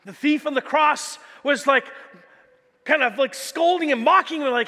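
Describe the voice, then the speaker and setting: A man's voice: very high voice, normal speed, bright, forceful tone, in a large hall. A man preaching a sermon as pastor, telling stories animatedly with casual fillers like "like" and "you know.". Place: church hall.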